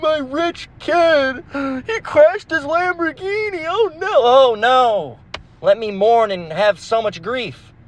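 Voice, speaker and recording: A man's voice: extremely high pitch, takes it slowly, slight background noise, voice pushed up. A man voicing a mocking, whiny rich parent who wails with exaggerated grief, recorded in a car. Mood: mock grieving. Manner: exaggerated mock grief, sarcastic.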